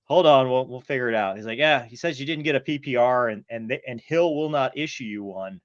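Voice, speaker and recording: Man, podcast co-host, lively storyteller, dry dull-sounding mic. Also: mid-range voice, brisk, dry recording. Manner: animated storyteller, acts out radio calls. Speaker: podcast co-host, former fighter pilot. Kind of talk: casual storytelling chat.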